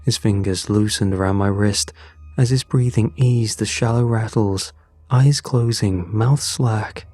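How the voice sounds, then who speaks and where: A man narrating a scripted horror story in a slow, measured way, recorded close on a studio mic. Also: on the low side, mellow, dry recording.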